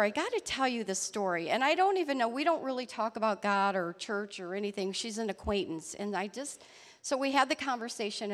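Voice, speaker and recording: A woman telling a personal faith story in an earnest, halting way. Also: fairly high pitch, in a large hall. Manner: earnest, halting storytelling with restarts and soft laughs. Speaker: church member sharing a testimony. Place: church hall.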